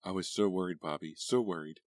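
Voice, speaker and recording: Guy reading an intense possessive teen girl, quiet whispery voice. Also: fairly quick, dry recording, clean studio sound, natural voice. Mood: intense clingy. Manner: breathy, low intensity, whispery. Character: intense teenage girlfriend, clingy and possessive.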